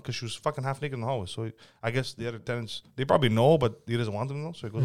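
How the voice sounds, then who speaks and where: A man rattles off a workplace story at speed, swearing freely as he goes. His voice is smooth and clear. He is a podcast host in loose, casual chat. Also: mid-range voice, fast, few pauses. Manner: profane, animated anecdote-telling. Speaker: podcast host, property manager.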